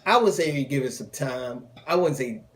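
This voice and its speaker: Lively man laughing through podcast chat. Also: medium pitch, normal speed. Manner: chatty, laughs often, asks questions. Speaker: podcast co-host. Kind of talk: casual chat.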